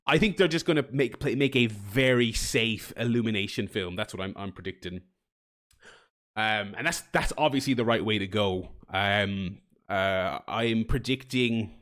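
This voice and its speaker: A man's voice: on the low side, fairly bright tone. A man chatting casually to his live-stream viewers, rambling with lots of restarts and some swearing.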